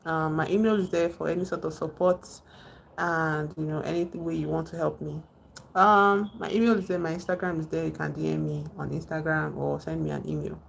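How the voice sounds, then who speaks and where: Nigerian woman streamer, low gravelly voice, rambling and chatty. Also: steady tone, brisk, slight background noise. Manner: rambling, retells film scenes, greets chat viewers. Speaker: livestream host. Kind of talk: casual livestream chat.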